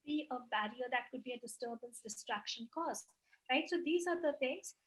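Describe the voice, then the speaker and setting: A woman's voice: sits high, lively intonation, normal speed, low-quality recording. A woman giving an online webinar lecture, explaining at length with many fillers and frequent "right?" check-ins. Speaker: webinar speaker. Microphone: video call.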